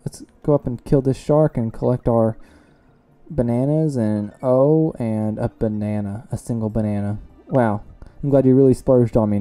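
Casual let's-play host, young man, warm dark tone, self-deprecating banter over soft game music. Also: mid-range voice. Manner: chatty, self-mocking, reacts loudly to close calls. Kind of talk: casual gameplay commentary.

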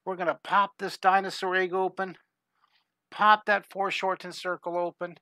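A man's voice: sits high, steady tone, fairly quick, sharp tone, no room sound. Upbeat man teaching kids to draw. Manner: upbeat, encouraging, greets viewers by name. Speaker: art teacher hosting a live drawing class. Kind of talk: live-streamed kids' drawing lesson.

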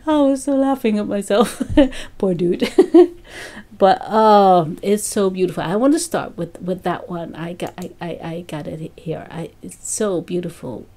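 A woman's voice: mid-range voice, unhurried, warm tone. A woman vlogger chatting casually to her fans, laughing often as she tells a story. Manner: laughs often, breaks off and restarts.

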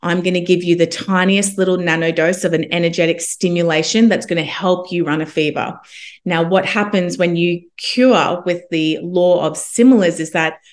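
A young woman, a homeopath guest, telling a personal story in a casual, animated way and acting out what others said. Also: fairly low pitch, normal speed. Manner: animated, quotes others in lively asides.

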